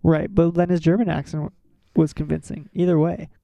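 Podcast co-host, male, slightly raised pitch with a fried, mellow tone; laid-back filler-heavy delivery. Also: brisk, creaky, no room sound, dull audio. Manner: relaxed, lots of fillers like "like" and "um". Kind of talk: casual chat about a film.

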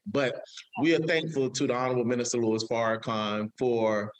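A man's voice: mid-range voice, fairly even intonation, brisk, no room sound. A man hosting a live show, emotional and preacher-like, repeating his phrases for emphasis. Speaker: show host.

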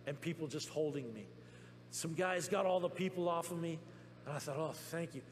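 A man preaching a testimony sermon in a church, telling his story excitedly with many restarts. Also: a little high, moderate pace. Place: church sanctuary. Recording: long reverb in a church with faint hum.

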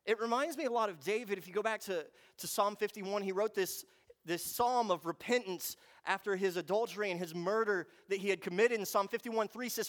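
A man preaching a sermon, moving between quiet reflection and fervent, emphatic passages. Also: high-pitched, fairly quick. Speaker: pastor.

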